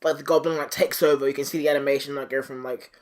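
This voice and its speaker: Animated, profane man recapping a cartoon. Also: mid-range voice, fast talker. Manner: animated, profane, acts out characters while recapping. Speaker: podcast host. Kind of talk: casual recap chat.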